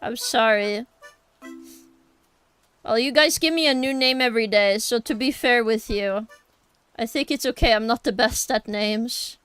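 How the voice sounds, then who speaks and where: Young woman art streamer, unhurried and a little high, chatty and apologetic with chat, soft music underneath. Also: clear, resonant tone, dry recording. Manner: chatty, apologetic, talks to chat while sketching. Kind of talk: casual live-stream chat while drawing.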